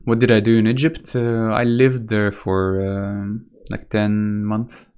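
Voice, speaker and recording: A man's voice: fairly low pitch, little pitch movement, takes it slowly, a little mellow, smooth. Hesitant young Russian man streaming. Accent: light Russian. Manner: rambling, hesitant, self-correcting, casual swearing. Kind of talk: casual live-stream chat, reading chat.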